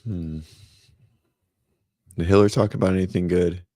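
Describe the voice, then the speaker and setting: A man's voice: deep voice, fairly even intonation, a little slow, dark tone, no echo, clean studio sound. A man hosting a casual morning fitness livestream from home, chatting loosely, greeting viewers by name and rambling as he goes. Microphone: desk microphone.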